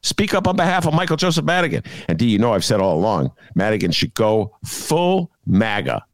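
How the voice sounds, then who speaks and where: A man's voice: on the low side, sing-song, a little fast, dry recording, studio quality. A man hosting a political talk show, ranting sarcastically and laughing at his own jokes. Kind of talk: opinionated political chat.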